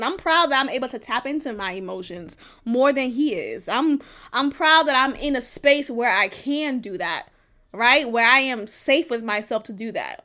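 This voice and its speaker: A woman with a high, bright voice talks straight into the mic as a podcast host. Her delivery is blunt and profane, and she laughs through her own stories. It sounds like a casual, unscripted rant. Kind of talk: casual venting monologue.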